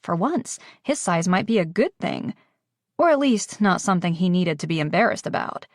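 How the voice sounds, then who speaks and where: Woman reading an audiobook, lowish voice, calm and even, dry close sound. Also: normal speed, dry recording. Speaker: audiobook narrator. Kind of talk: scripted narration.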